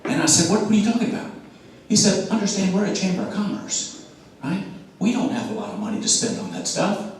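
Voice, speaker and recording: A man gives a lively sales talk to a club audience, throwing questions at the crowd. His slightly high voice carries through a very echoey room. He is picked up from a distance, with a little background hum. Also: a little fast. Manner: animated, asks the audience questions, acts out quotes. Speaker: speaker at a club meeting.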